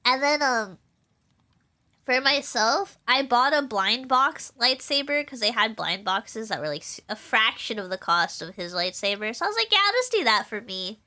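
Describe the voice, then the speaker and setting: A young woman streamer chats casually about her life, rambling through stories with plenty of fillers and giggles. Her voice sits high and bright, and her pitch bounces up and down animatedly. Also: sing-song, moderate pace. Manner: rambling and chatty, with frequent fillers and laughs. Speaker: VTuber streamer.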